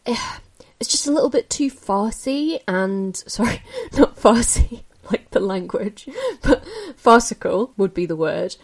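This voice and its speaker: A woman casually reviewing films she watched, candid and chatty, with many fillers and restarts, jumping up in pitch when she gets opinionated. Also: lively intonation, measured pace, a little mellow, husky. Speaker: film reviewer. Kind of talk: casual spoken film review.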